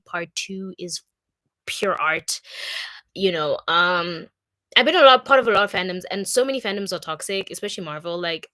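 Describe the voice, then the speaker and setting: A young woman from Congo talks in an upbeat, chatty way on her livestream, sprinkling in lots of fillers. Her voice sits at an ordinary middle pitch and sounds close and dry, with no room around it. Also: a bit bright, no echo. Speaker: content creator. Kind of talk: casual livestream chat.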